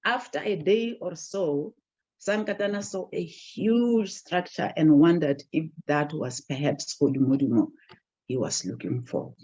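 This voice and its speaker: Husky storyteller. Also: medium pitch, measured pace. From southern Africa, Basotho. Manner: expressive, dramatic storytelling with swells in volume. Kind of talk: folktale storytelling. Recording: dull lo-fi recording.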